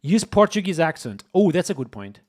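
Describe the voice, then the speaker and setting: A man streams himself coding and keeps up a running commentary to his viewers. His voice sits a little high and swoops all over the place. He is excitable and often breaks into exclamations. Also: normal speed. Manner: excitable, exclaiming, talks to chat. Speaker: streamer, host.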